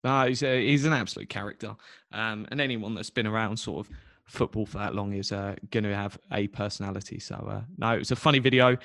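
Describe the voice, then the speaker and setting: A man's voice: on the low side, a little fast, creaky, a bit bright, no echo. A man with a London accent co-hosting a casual podcast, chatty and laid-back with lots of ums. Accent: British, London. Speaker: podcast co-host. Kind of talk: casual chat.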